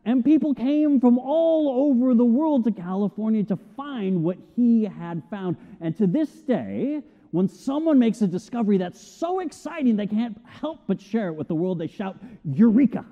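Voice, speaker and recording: Middle-aged male pastor, high and very expressive voice, long hall reverb. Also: moderate pace. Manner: animated storytelling, acts out shouted quotes. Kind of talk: sermon. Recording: tinny phone-like sound with long hall reverb.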